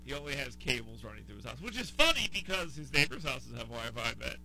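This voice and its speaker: A man's voice: medium pitch, very animated, quick pace, sharp tone, rough recording. A man from the American South hosting a radio talk show, ranting in casual chat and repeating himself when exasperated.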